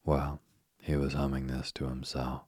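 A man narrates a bedtime story in an extremely deep, husky voice that barely moves in pitch. His soft, unhurried reading is recorded close and dry. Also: monotone, no room sound. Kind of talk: slow sleep story narration.

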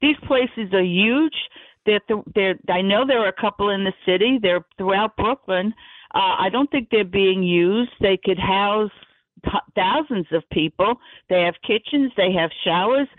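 A woman's voice: mid-range voice, measured pace, no room sound. A woman calling a radio talk show, earnestly offering a suggestion. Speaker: caller. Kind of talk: phone-in chat. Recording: tinny phone line.

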